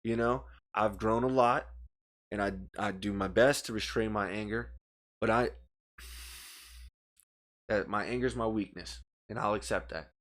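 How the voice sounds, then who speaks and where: Speaking a little slowly with frequent pauses, a podcast co-host with a fairly low, slightly bright voice tells a story through a heated rant full of profanity. He gestures with his hands in a studio, recorded on a studio microphone.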